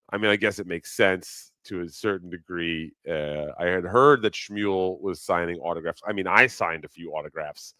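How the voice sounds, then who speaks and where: A man's voice: low-pitched, fairly bright tone, clean tone, dry recording. A man hosting a casual live stream, rambling and swearing freely, often breaking into laughter. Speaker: livestream host.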